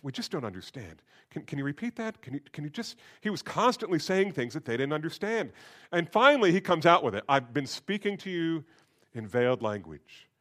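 A man preaching a sermon, moving between quiet, low asides and loud, emphatic bursts, and acting out quoted voices in a conversational way. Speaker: pastor.

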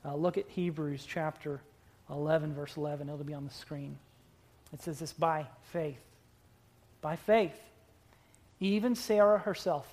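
A preacher delivering a sermon to a congregation. The delivery is emphatic, with drawn-out words and sudden loud bursts, and it is broken up by playful asides. The voice sits at a middling pitch. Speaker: pastor.

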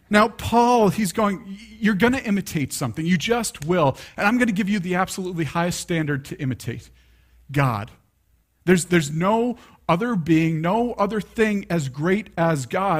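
Conversational man preaching a sermon. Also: high-pitched. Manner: conversational, many restarts and asides. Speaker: pastor.

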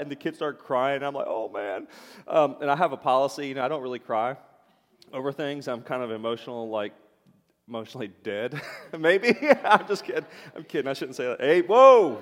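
Middle-aged male pastor, conversational sermon delivery, filler-heavy, recorded in a reverberant hall. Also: medium pitch. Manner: conversational, rambling with many fillers and asides to the congregation.

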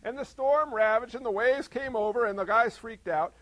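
A man's voice: very high voice, normal speed, few pauses, fairly bright tone, no room sound, poor audio. A man preaching a sermon in a conversational way, posing rhetorical questions and repeating phrases to a congregation. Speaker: pastor.

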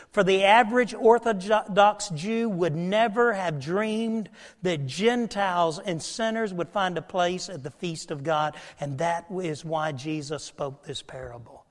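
A man preaching a sermon in a church, telling the story in a folksy way and acting out the dialogue, with his voice climbing to shouts. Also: sits high. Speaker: pastor. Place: church sanctuary. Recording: long hall reverb.

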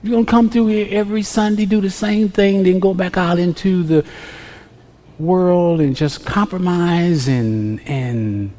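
A man preaching a sermon to a congregation, swinging from quiet musing to loud emphasis with repeated refrains. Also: high-pitched, steady tone, unhurried. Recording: long reverb of a large hall.

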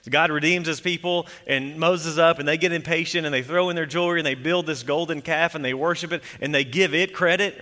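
A man preaching a sermon as pastor, earnest and emphatic, slowing down to read scripture solemnly. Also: fairly high pitch, steady tone, bright, forceful tone. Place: church sanctuary. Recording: church sanctuary reverb.

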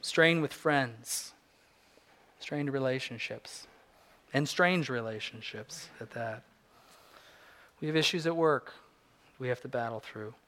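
A man in his forties preaching a sermon, earnest, moving between soft reflective passages and rising emphatic ones. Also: mid-range voice, slow, pauses often. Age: 40s. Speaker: pastor.

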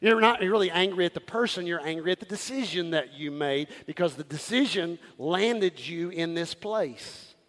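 A man preaching a sermon as pastor, calling out to the congregation and swinging from loud to hushed. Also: high voice, lively intonation, normal speed, hardly any pauses, in a large hall, a little hiss or hum.

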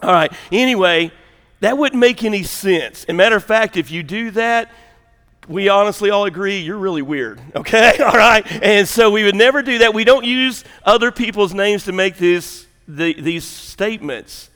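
A male pastor with a Southern US accent preaching a sermon. He talks in a folksy, joking way and works up to loud, emphatic preaching. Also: high-pitched, normal speed, clean tone, in a large hall. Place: church sanctuary.

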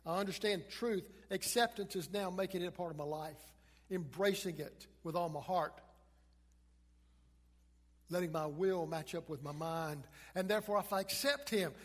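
A man preaching a sermon as pastor, dramatic, rising to loud emphasis and dropping to a hush. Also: high voice, moderate pace. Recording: long reverb of a large hall.

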